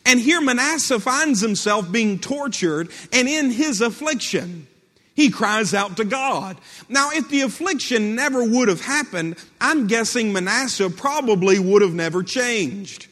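A male preacher with a high voice tells scripture stories with dramatic repetition. His words ring with a long reverb, as if they were recorded in a large hall. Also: expressive, a little slow, sharp tone. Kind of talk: sermon.

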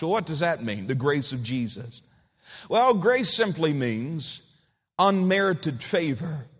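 A male pastor with a fairly high voice, preaching in a folksy, joking way and slowing down to lean on key words. His voice rings out in a church hall with a long reverb. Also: big pitch swings, fairly bright tone, slightly rough. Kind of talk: sermon.

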